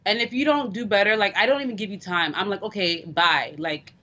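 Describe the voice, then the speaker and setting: A woman's voice: medium pitch, lively intonation, fast, pushed and bright, lo-fi sound. A woman co-hosting a casual talk radio show, speaking candidly and chattily with frequent giggles.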